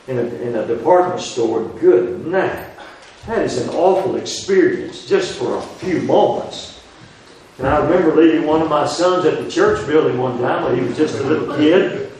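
Brief: small-church preacher, man, slow emphatic sermon delivery, recorded from a distance in a reverberant room. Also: on the high side, darkish tone. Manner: rising emphatic questions, drawn-out stresses. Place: small rural church building. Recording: echoey church room, distant mic, faint hiss.

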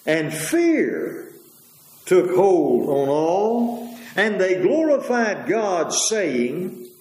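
A man preaching a sermon in a rambling way, pausing on fillers and correcting himself as he goes. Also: high-pitched, big pitch swings, darkish tone, reverberant, low-quality recording.

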